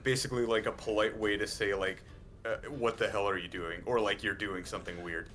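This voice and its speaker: A man speaking as a guest on a stream in relaxed casual chat, full of fillers like "like" and "um". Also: on the low side, fairly quick, faint music behind. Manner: relaxed, filler-heavy, laughs easily.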